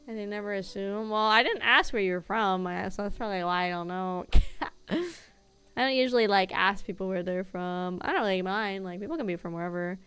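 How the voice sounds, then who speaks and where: A woman's voice: medium pitch, fairly quick, fairly bright tone, smooth. A young adult woman streaming, chatting casually and at length while she plays, with easy rambling and casual swearing. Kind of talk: casual chat while gaming.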